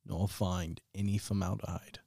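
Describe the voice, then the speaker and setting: A man running a tabletop role-playing game, playing the people the party talks to and narrating the scenes in a relaxed, plain-spoken way. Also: sits low, normal speed, creaky, husky, dry recording, clean studio sound. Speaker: game master.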